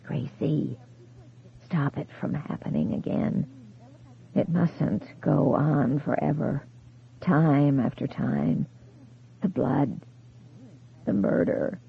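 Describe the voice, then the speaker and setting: A narrator voicing a dead husband's faint, whispery, vibrating voice on a telephone, slow and fading. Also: mid-range voice, creaky, breathy edge, exaggerated voice. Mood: eerie whisper. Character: ghostly dead husband whispering over a phone. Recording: tinny phone-like sound.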